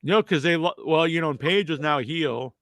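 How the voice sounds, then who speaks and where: A male podcast host with a congested, stuffed-up nose, chatting loosely and filling gaps with ums and likes. His voice sits a little high, and the sound is dry and close, with no room around it. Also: fairly quick, fairly bright tone, no echo. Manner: rambling, filler-heavy answers to viewer questions. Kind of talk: casual live-stream chat.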